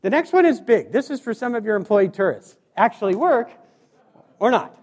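A man from Montana with a high voice delivers a joking motivational speech to a live crowd. He is middle-aged and tells stories with sound effects and quick asides. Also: big pitch swings, darkish tone. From Montana, USA. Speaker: motivational speaker. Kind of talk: humorous keynote speech. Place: stage before a live audience.

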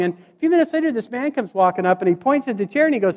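A man doing storytelling stand-up comedy, animated and acting out the people in his stories. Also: very high-pitched, racing, few pauses. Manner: animated, acts out voices and scenes. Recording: reverberant hall.

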